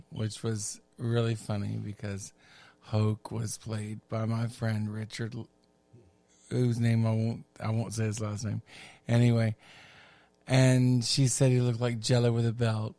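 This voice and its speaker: A middle-aged man telling a long personal story on a podcast, campy and chatty with unhurried asides. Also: mid-range voice, dark tone. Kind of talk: casual storytelling.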